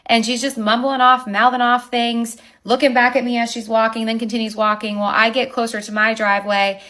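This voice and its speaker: A woman who owns a wedding venue, telling an animated, indignant account of a dispute with her neighbors. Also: a little high, a little fast. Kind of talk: recounting a neighbor dispute to camera.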